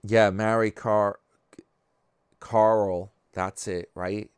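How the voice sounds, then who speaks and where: Low, smooth-voiced chatty man. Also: little pitch movement, drawn-out words, no echo, studio quality. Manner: chatty, wry, reads comments aloud. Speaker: vlog host reading viewer comments. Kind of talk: casual chat.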